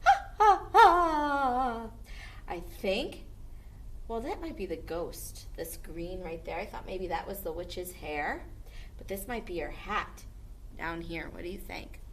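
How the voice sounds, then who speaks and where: A woman music teacher leading an online music lesson for young children, with an animated sing-song manner. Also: fairly low pitch, measured pace, slightly rough. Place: indoor classroom.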